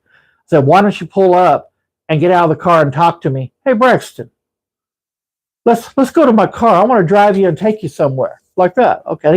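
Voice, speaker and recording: A man with a fairly high voice is hosting a live stream, and the recording quality is low. He chats casually, telling a meandering story that keeps restarting as he rambles.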